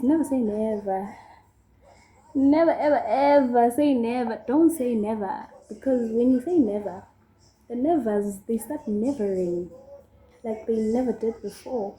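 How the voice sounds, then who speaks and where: A young South African woman talks slowly and casually while doing her makeup, rambling through her story with plenty of fillers. Her voice sits a little high but sounds dark and mellow. The room around her gives it a clear echo. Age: young adult. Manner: chatty and rambling, with many fillers. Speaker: vlogger. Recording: echoey room.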